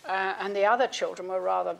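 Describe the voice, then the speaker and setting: Older lady reading bits of her book at a talk, gravelly voice, lots of ums. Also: medium pitch, steady tone, quick pace. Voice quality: frequent ums and restarts between readings. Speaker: author giving a talk.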